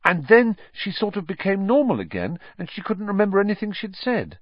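Man reading earnest teen boy wizard, pitched up, anxious, dull lo-fi sound. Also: wildly swooping pitch, brisk, no room sound, exaggerated voice. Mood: urgent. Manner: urgent, pleading, rising pitch. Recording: slightly dull lo-fi audio.

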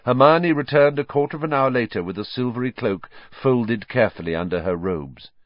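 A man narrating a storybook in an expressive, varied reading. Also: mid-range voice, a little fast, no room sound. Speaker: audiobook narrator. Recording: dry, slightly muffled recording.

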